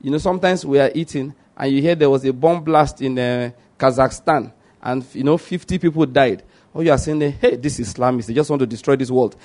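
A man's voice: fairly high pitch, a little mellow. A man preaching a sermon, reading from scripture and repeating his points, often asking the listeners if they understand.

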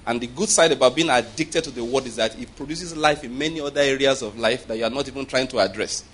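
A husky male preacher talks his congregation through a sermon like a conversation. He keeps checking that they follow and chuckles between points. His pitch sits in the middle of the male range. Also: quick pace, a bit bright.

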